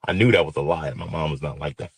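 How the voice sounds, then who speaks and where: A man's voice: extremely low pitch, fast, gravelly, breathy edge. A man in his fifties from Detroit telling a personal story with intense, emotional, vivid retelling. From Detroit, USA.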